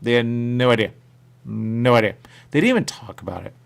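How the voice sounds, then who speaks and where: A man's voice: mid-range voice, fairly quick, creaky, smooth. A male radio show host chatting casually and rambling, repeating his catchphrases. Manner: repetitive, animated, catchphrase-heavy. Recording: radio studio mic.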